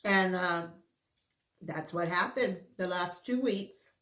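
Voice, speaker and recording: Middle-aged lady vlogging while she eats, slow easy talk, mouth full sometimes, roomy echo. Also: fairly low pitch, fairly bright tone. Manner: talks with her mouth full, candid and chatty. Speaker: mukbang vlogger. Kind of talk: casual chat while eating.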